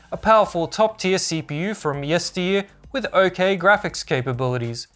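A man's voice: fairly high pitch, a bit bright. A man narrating a scripted product review as a tech channel host, upbeat and informative.

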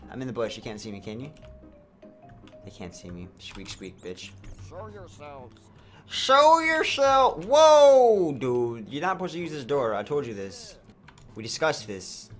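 A young man giving crude, excitable comedy commentary over a game, swinging from low mutters to high squeals. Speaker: gameplay streamer. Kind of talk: comedic let's play commentary.

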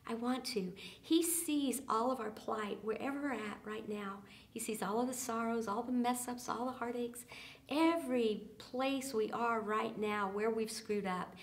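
A woman leading a church small group, speaking earnestly with many fillers and often dropping soft and quiet for emphasis. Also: a little high, unhurried.

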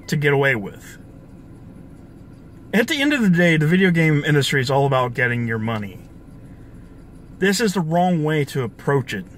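A young man with a fairly high voice hosts his own gaming channel and angrily rants about the industry in video commentary. He swears a lot and keeps restarting his sentences. There is slight background noise.

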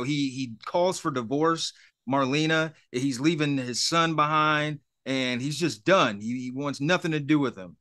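A man's voice: fairly high pitch, a bit bright. A man co-hosting a podcast, recapping old wrestling in a laid-back, rambling way with frequent restarts. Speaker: podcast co-host. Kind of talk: casual wrestling recap chat.

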